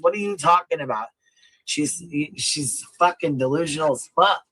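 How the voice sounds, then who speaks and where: A man's voice: on the high side, moderate pace, sharp tone, husky, no echo, rough recording. Profane man ranting on a stream. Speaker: live streamer in a played clip. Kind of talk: heated stream rant.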